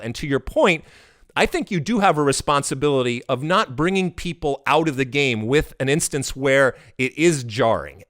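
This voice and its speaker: A middle-aged man hosting a casual podcast, talking in an animated, emphatic way that swings into loud exasperated rants. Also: medium pitch, no room sound, studio quality. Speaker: podcast host.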